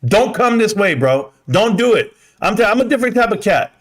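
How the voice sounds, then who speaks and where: A man's voice: high-pitched, sing-song, a little fast. Brash, profane man on a livestream. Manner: brash, profane, laughing often. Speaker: livestream host. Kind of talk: casual livestream chat reading comments.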